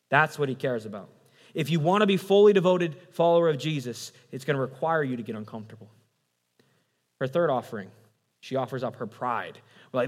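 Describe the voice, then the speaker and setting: A young adult man preaching a sermon as pastor in a church hall, casual and animated, acting out quotes along the way. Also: on the high side. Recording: long hall reverb.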